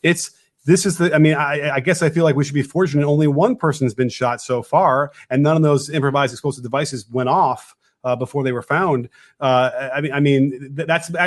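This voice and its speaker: A man hosts a casual political podcast, his voice sitting a little high for a man. He speaks haltingly and thinks out loud, musing his way through each point. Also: steady tone. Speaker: podcast host.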